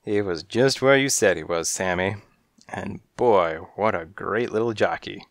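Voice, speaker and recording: A man's voice: deep voice, a little slow, no room sound, clean studio sound. A man voicing a big, friendly tomcat who talks in a cheerful, hearty way in a storybook reading. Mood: jovial. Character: big friendly male cat, jovial.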